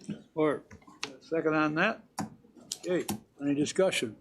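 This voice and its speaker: Man, fairly high voice, chairing a meeting, brisk procedural tone, faint background noise. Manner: brisk procedural calls for votes. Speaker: board chairman. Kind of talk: chairing a county board meeting. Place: county meeting room.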